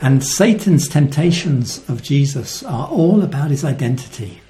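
A man preaching a sermon, earnest and reflective, often dropping to a soft voice. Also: fairly high pitch, animated, a little slow, few pauses.

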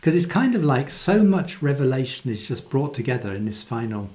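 Animated man teaching the Bible. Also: mid-range voice, a little fast. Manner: animated, acts out quoted voices, laughs often.

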